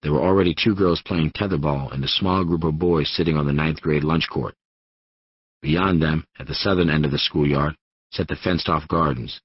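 A man reading an audiobook in steady first-person narration on a studio microphone. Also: very deep voice, normal speed, breathy edge, dry recording, lo-fi sound. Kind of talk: scripted narration.

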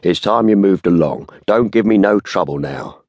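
A man reading the part of a blunt, gruff police constable who rumbles his words and uses rough grammar. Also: animated, moderate pace, darkish tone, no echo, exaggerated voice. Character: gruff stolid male London constable.

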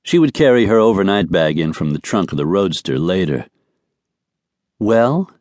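A man narrating a romance audiobook in an even, measured way. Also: low-pitched, no room sound. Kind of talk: scripted narration. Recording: dry studio recording.

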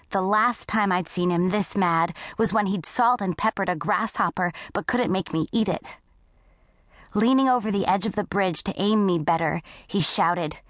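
A woman narrating a first-person audiobook story in a scripted, unhurried way. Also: mid-range voice, no echo, studio quality.

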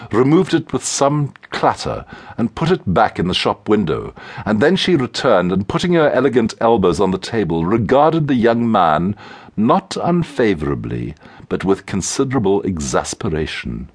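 Man, audiobook narration, husky, lively pitch, low voice. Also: normal speed. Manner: expressive storytelling. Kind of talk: scripted narration.

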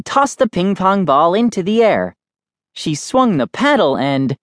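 A man's voice: fairly high pitch, big pitch swings, measured pace, dry recording, studio quality. A man narrating a children's storybook in the first person, in a playful, jokey kid-like voice. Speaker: audiobook narrator. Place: studio. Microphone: close studio mic.

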